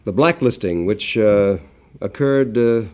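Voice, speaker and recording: A man hosting a radio interview, halting and filling pauses with ums. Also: lowish voice, darkish tone, clean tone. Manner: hesitant, many ums. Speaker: interview host.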